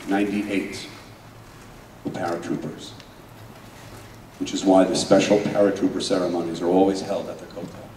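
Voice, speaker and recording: A man's voice: low-pitched, distant mic, slight background noise. A young man playing an earnest paratrooper, echoey hall. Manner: earnest, swings from loud urgency to hushed emotion. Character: Israeli paratrooper man recalling a moving battle memory. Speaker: stage performer. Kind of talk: dramatic first-person monologue.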